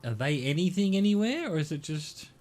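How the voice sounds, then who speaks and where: A man's voice: fairly high pitch, very animated, fairly quick, a little mellow, slight background noise. Middle-aged Australian man muttering over a game. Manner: muttering, swearing, thinking aloud. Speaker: gaming streamer. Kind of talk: casual gameplay commentary.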